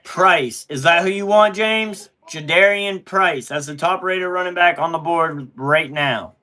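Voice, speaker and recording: Bright-voiced dad hosting a live stream. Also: male voice, fairly high pitch, a little slow. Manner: easygoing, talks through picks while bossing the kids around. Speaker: live-stream host running a mock draft. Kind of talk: casual live-stream chat.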